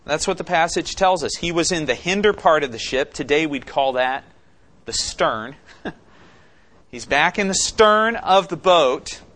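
A man delivering an expository sermon in a somewhat high voice. He teaches conversationally, putting questions to the congregation and acting out quoted lines with growing intensity. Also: a bit bright. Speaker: pastor.

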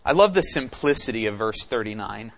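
A man's voice: lowish voice, animated, a little fast, creaky, fairly bright tone. A man preaching an expository sermon, teaching conversationally and asking questions of the congregation. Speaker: pastor.

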